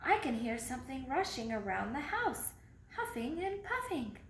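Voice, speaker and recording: A woman's voice: sits high, sing-song, moderate pace. A woman voicing a small, anxious young male mouse who keeps calling out and pleading, in a storybook reading. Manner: pleading, calls out repeatedly. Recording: echoey room, faint background noise.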